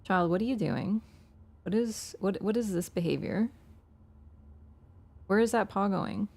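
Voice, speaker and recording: A woman's voice: medium pitch, a little slow, creaky, darkish tone. A woman game streamer in casual live-stream chat, playful and chatty, talking to her cat between lines and laughing easily. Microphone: wearing an earbud headset.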